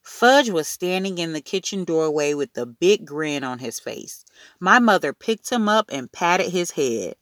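A woman reading a children's story aloud in an expressive, unhurried narrating voice. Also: on the low side, no echo, clean studio sound. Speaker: audiobook reader.

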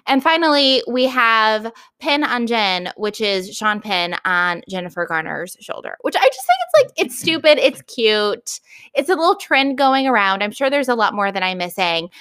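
A woman's voice: a little high, sing-song, moderate pace, a bit bright, clean tone. A woman co-hosting a casual chat podcast, giving chatty and upbeat reactions. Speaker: podcast co-host.

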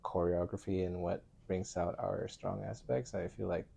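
A man's voice: low-pitched, steady tone, moderate pace, vocal fry, mellow, husky, dry recording. A man chatting casually as a podcast guest, reflective and hesitant, laughing often. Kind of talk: casual chat.

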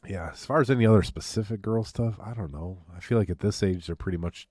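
Deep-voiced easygoing man, dry sound. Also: fast, darkish tone, no room sound. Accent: Michigan. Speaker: podcast co-host. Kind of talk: casual chat.

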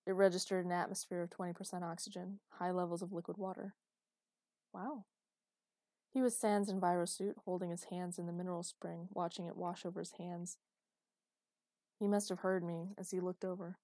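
A woman reading a first-person romance novel aloud, in a steady, intimate storytelling manner. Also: on the low side, normal speed, no echo. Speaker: narrator.

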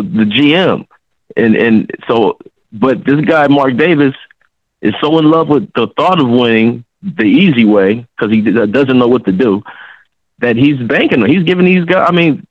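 A man's voice: medium pitch, dry recording, highs cut off. A man, a guest, ranting heatedly and swearing a lot in casual sports talk on a podcast. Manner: fired-up, ranting, heavy swearing. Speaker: guest commentator.

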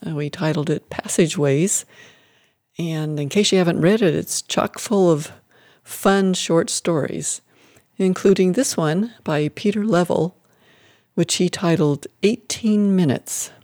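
A chatty host sets up a short story in a relaxed, conversational way. The voice sits at a middle pitch, recorded dry and close with no room sound. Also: unhurried, no echo. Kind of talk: casual introduction and reading.

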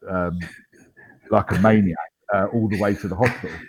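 Low-voiced man telling a story. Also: steady tone, moderate pace, slightly rough. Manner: frequent ums and restarts, wry understated humour. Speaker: interview guest, army veteran. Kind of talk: casual storytelling in an interview.

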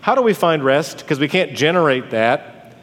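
A man preaching a sermon as a pastor, swinging from dramatic rises to hushed drops on key words. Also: fairly high pitch, sing-song, normal speed. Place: church sanctuary. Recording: long hall reverb.

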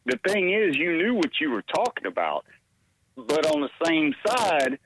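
A man's voice: on the high side, huge pitch swings, normal speed, vocal fry. Caller guy on a radio show, voice goes up and down a lot, bit of hiss on the line. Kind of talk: call-in talk radio.

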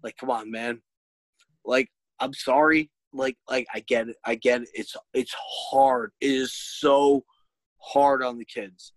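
A man's voice: mid-range voice, fairly even intonation, takes it slowly, no echo, rough recording. A man chatting casually, telling an exasperated, profane story as a parent. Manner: shouts when quoting himself. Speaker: podcast host, parent. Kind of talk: casual chat.

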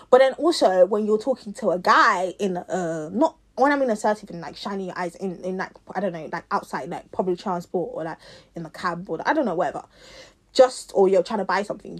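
A young woman with a South London accent talks straight to her viewers, chatty and animated. Her voice sits mid-range for a woman, and she spills out the story with plenty of fillers and laughter along the way. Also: mid-range voice, husky. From South London, England. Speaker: vlogger. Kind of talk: casual storytelling to camera.

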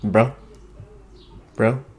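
A man's voice: very slow, darkish tone. A man co-hosting a soccer podcast, giving profane, mocking rants and laughing at his own jokes. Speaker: podcast co-host. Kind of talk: casual soccer banter.

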